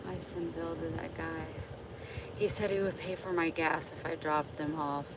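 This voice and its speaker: A woman's voice: low-pitched, fairly even intonation, moderate pace, background noise. A woman vlogging on her phone, talking frankly to her viewers and cooing at cats. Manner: cooing baby talk to cats, then frank venting to viewers. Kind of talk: casual vlog chat. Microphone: phone held in hand.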